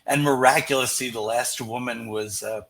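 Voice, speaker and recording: A man's voice: medium pitch, steady tone, normal speed, creaky, fairly bright tone. An older man, a podcast guest, earnestly recounting his story and quoting what others said along the way. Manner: earnest, retelling events with quoted dialogue. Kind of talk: storytelling in an interview.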